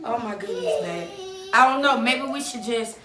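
A woman, excitedly exclaiming and calling out names during a family prank at home. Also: a little high, normal speed, roomy sound, music in the background. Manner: exclaims over and over, calls the kids loudly. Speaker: family vlogger. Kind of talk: playful family prank vlog. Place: home living room.

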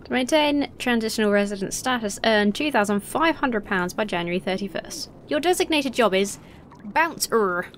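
With game music behind her, a young woman streams her gameplay, reading the on-screen text aloud, trying on accents, and commenting casually with wry humor and swearing. Her fairly high voice is expressive and moves at a normal speed, with a little hiss or hum in the recording.

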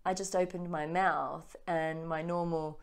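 A woman with an Australian accent, co-hosting a casual spiritual chat and talking quickly with many restarts. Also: sits low, level tone, clear, resonant tone. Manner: fast-talking. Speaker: co-host.

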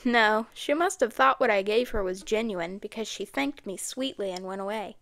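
A woman's voice: mid-range voice, normal speed, a bit bright, dry recording, clean studio sound, lightly acted. A woman reading an audiobook, voicing a modest, clever middle-aged housekeeper. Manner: modest, a little worried.

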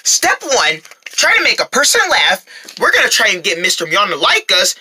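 A woman voicing an upbeat young boy who leads his friends with fast, enthusiastic chatter. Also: medium pitch, big pitch swings, sharp tone, husky, exaggerated voice. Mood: eager.

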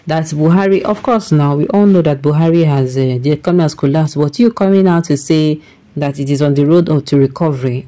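A woman's voice: low voice, a little fast, mellow. A woman with a Nigerian accent, reading a news report and then giving emphatic, exasperated commentary with pidgin phrases.

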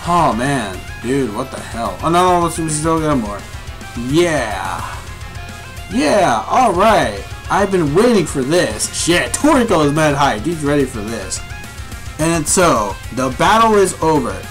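A young man reviewing a manga live, reading along and reacting to viewers with excitable, profane chatter. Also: on the high side, unhurried, soft background music.

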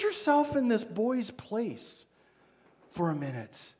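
A pastor with a Midwestern American accent preaching a sermon, retelling the story dramatically and voicing its figures. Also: male voice, extremely high pitch, very animated, slow, a little mellow.

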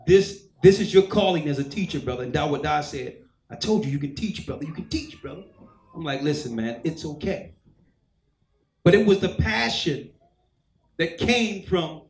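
A man with a high voice preaches a sermon, telling his own story and voicing the people in it. His voice rings through an echoey hall. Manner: storytelling, acts out quoted voices. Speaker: church elder preaching. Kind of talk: sermon testimony.

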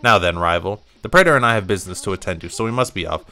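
Proud young swordswoman empress, grand and theatrical, read by a man, voice low and bright. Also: lively intonation, rapid-fire.

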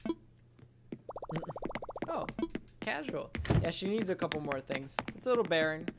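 A man casually commenting as a gaming streamer in an excitable, chatty way, reading and answering chat. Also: a little high, moderate pace. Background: loud music.

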